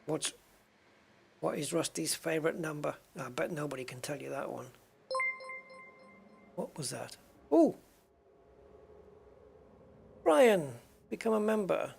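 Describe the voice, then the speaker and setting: A man's voice: on the high side, lively intonation, moderate pace, vocal fry, pauses often, a little mellow, breathy edge. A man streaming a space game, chatting loosely with viewers, rambling and poking fun at himself as he answers their messages. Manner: rambling and self-mocking, reads and answers chat. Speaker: gaming streamer. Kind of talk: casual live-stream chat.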